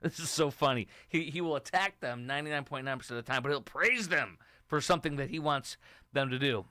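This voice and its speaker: A man's voice: medium pitch, quick pace, bright, forceful tone, no room sound. A middle-aged man from Texas hosting a political talk show, giving opinionated, rambling commentary and reading viewer comments aloud.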